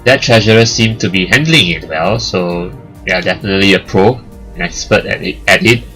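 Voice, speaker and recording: A man hosting a let's play who reads the game's text aloud and jokes about it, laughing and getting loud when excited. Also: low voice, a little fast, soft background music. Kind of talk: reading game text aloud with casual commentary.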